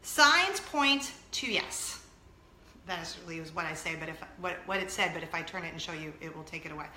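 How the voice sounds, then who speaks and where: A woman in her thirties hosting a casual talk show to camera, telling stories in an animated way and laughing often. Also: sits low, very fast, reverberant, a little hiss or hum. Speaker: vlog host.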